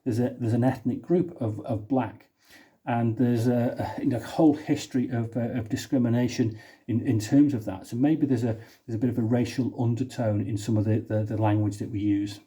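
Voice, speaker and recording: A man's voice: medium pitch, steady tone, normal speed, mellow. A man from the United Kingdom talking casually to camera, thinking aloud with many restarts. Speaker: singer and video host. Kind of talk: casual spoken vlog talk. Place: indoor room.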